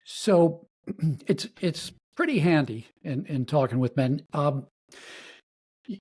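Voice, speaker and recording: A middle-aged man speaks as a guest on a podcast, stopping and restarting his sentences. When he quotes someone, his pitch leaps up into a put-on voice before he drops back to his steady delivery. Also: breathy edge. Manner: halting and repetitive, acts out quoted lines with big pitch jumps. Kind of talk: conversational podcast interview.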